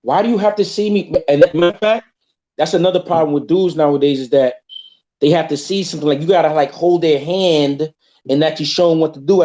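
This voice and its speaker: Mellow-voiced man in casual chat. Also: on the high side. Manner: animated, acts out quoted voices. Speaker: podcast guest. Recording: dull lo-fi sound.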